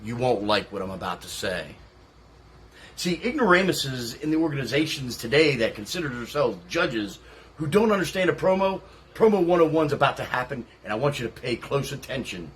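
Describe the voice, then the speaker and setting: A man's voice: mid-range voice, big pitch swings, brisk, slightly rough. A man playing a brash veteran wrestler cutting a profane, taunting trash-talk promo. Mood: scornful. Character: salty veteran male wrestler, brash and contemptuous.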